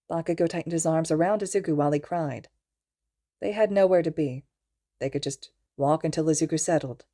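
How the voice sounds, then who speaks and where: A woman reading a fan fiction audiobook aloud in a calm, even storytelling manner. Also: sits low, fairly quick. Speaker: podfic reader.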